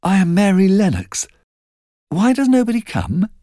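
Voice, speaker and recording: Man doing a sulky little girl, pitched high. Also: big pitch swings, moderate pace, dry recording, studio quality. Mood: plaintive. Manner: sulky, sharp-tongued. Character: stubborn spoiled little girl.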